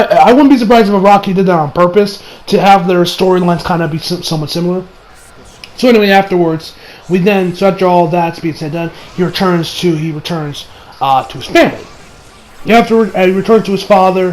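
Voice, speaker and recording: Young american guy w a high voice, rambles thru an episode recap, cusses, says um and like a lot. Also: poor audio. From United States. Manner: rambling, profane, many fillers and restarts. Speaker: anime reviewer.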